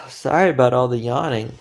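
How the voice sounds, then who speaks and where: The speaker is a male vlogger in a relaxed chat to camera, rambling, often laughing or sighing, and yawning at times because he's tired. His medium-pitched voice is gravelly, with lively intonation at a normal pace.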